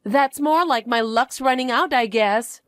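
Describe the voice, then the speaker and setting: A woman's voice: on the high side, measured pace, no echo, clean studio sound, soft background music, natural voice. A woman voicing a bratty, vain young stepsister who talks down to everyone in a haughty, demanding way. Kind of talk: dramatized story narration.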